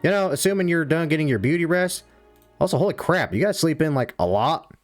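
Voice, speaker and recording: A man's voice: on the high side, lively intonation, a little fast, faint music behind, close to an everyday voice. Man doing a jittery lackey, babbling, sarcastic, stammering, tabletop role-play. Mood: flippant. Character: jittery male lackey of a Hutt, flippant and cowardly.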